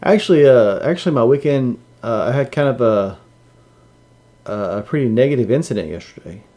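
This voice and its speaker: Male co-host, mid-pitched, casual, deadpan joke teller. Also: a little fast. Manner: joking, tells dad jokes with a straight face. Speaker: podcast co-host. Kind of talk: casual live-stream chat.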